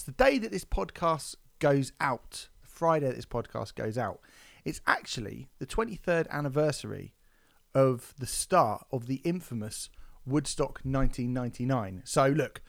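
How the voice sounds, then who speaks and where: A man's voice: mid-range voice, creaky. This is a man in casual podcast chat. He tells his stories animatedly, working himself up into mock outrage and dropping swear words as he goes. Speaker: podcast host.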